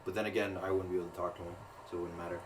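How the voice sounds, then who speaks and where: A man playing a tabletop game, chatting casually and thinking aloud with pauses. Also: sits low, level tone, distant mic, over a noisy crowd, rough recording. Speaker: player.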